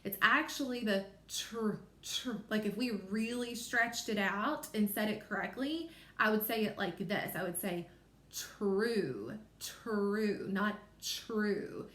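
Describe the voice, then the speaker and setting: Sounding out letters slowly and clearly, a female first grade teacher with a Kentucky accent gives young kids a reading lesson. She has a mid-range, fairly bright voice, and the room is reverberant.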